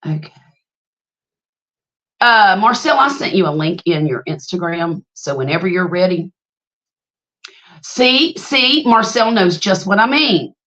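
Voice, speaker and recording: A woman's voice: on the low side, lively intonation, measured pace, pauses often, fairly bright tone. A woman, hosting a casual livestream, telling stories, greeting viewers by name and laughing often. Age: 50s. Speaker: livestream host.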